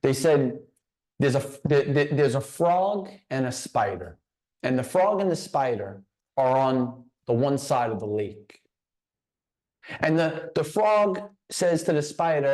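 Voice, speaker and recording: Man, mid-pitched voice, business speaker, storytelling, repeats words. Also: expressive, a little slow, a little mellow. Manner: storytelling, repeats words when starting phrases. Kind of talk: motivational talk.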